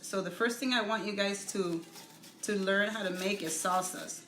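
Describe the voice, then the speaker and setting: A middle-aged woman hosting a casual live cooking demo from her home kitchen, chatty and halting, stopping to greet viewers by name. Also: mid-range voice, fairly bright tone, slight background noise. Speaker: cooking show host. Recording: echoey room with faint music.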